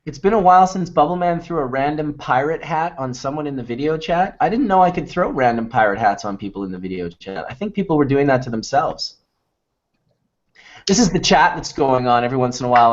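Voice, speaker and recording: A man's voice: medium pitch, lively intonation, brisk. Laid-back man hosting a video chat. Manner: laid-back, rambling with fillers. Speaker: host. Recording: muffled lo-fi web stream.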